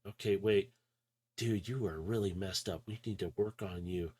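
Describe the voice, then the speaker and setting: A man's voice: sits low, moderate pace, a little mellow, husky. A man voicing a wary, easygoing male robot who talks casually while repairing another robot in a tabletop game. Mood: casual, focused. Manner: casual, says "dude". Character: wary, laid-back male robot fixing a bot.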